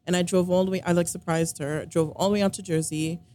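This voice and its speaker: Woman with a slightly lower voice, chatty and rambling, acts out the quotes as she tells a story. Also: fast, a little hiss or hum. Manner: rambling, filler-heavy storytelling with frequent "like" and "um"; animated, quoting others mid-story. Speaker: storyteller recounting a relationship. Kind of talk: casual conversation.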